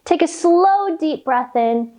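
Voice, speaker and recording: A woman reading a picture book aloud and leading children through yoga poses in a slow, sing-song, animated way. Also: sits high. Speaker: kids' yoga teacher reading a story. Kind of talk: storytime yoga lesson for children.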